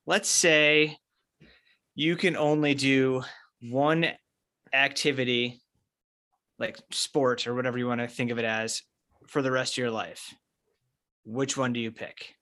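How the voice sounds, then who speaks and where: A man's voice: mid-range voice, steady tone, unhurried, pauses often, pushed and bright. A man hosting a podcast, opening the show and asking his co-hosts questions in an upbeat, casual way. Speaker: podcast host. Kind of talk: casual chat.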